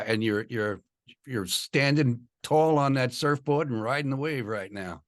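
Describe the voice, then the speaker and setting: Friendly chuckling interview host, dry sound. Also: male voice, mid-range voice, animated, measured pace, fairly bright tone, no echo. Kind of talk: casual interview.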